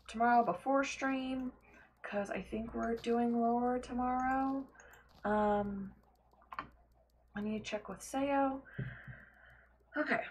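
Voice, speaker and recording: A young woman live-streaming a game, chatting loosely to her viewers with lots of fillers and quick laughs. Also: mid-range voice, slight background noise. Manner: rambling, filler-heavy, laughs often, talks to chat. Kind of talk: casual gameplay live stream chat.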